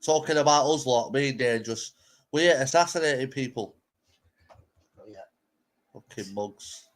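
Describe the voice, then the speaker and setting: A man's voice: medium pitch, normal speed. A man hosting a casual live reaction stream, blunt and sweary, bantering with his viewers.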